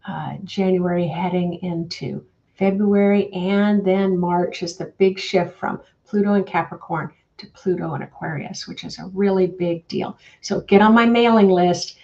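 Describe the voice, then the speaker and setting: A woman who leads a guided meditation and spiritual talk as host, gently guiding and chatty, with filler words. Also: lowish voice, creaky. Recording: dull lo-fi audio.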